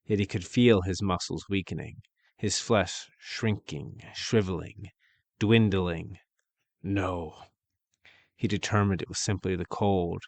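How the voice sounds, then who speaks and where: A man narrating a dark fantasy story in a measured, dramatic way with archaic phrasing. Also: deep voice, vocal fry, no echo.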